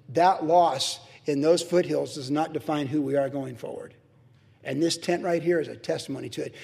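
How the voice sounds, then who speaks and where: A man's voice: high-pitched, darkish tone. A middle-aged man, a pastor, preaching a sermon in an emphatic, conversational way. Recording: long reverb of a large hall.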